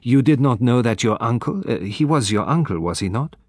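A man voicing a precise, commanding male detective who speaks in a formal, measured, courteous way. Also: mid-range voice, expressive, darkish tone, no room sound, studio quality, lightly acted. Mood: authoritative.

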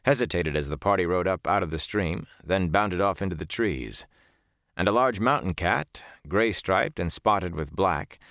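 A man narrates a fantasy novel in a steady, measured way. His voice sits very low. The close studio recording is dry, with no room sound. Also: dry recording. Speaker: audiobook narrator.

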